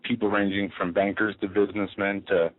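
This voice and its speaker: A man with a low voice co-hosts a talk radio show, laying out his points assertively and stringing examples together. His voice comes through a narrow, phone-like channel. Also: flat delivery, brisk. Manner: assertive, declarative, runs through lists. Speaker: radio co-host. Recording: tinny phone-line sound.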